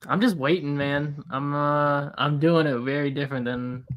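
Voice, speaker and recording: A man's voice: fairly high pitch, steady tone, normal speed, background noise. A man co-hosting a collectors live stream, talking in a laid-back way with many fillers. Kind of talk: casual livestream chat.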